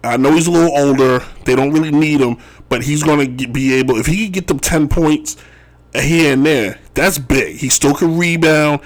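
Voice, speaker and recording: A man's voice: a little high, moderate pace. Rambling, joking male sports talk host. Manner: rambling, joking, says "if you will" often. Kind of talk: casual sports commentary. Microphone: wearing Chicago sports gear.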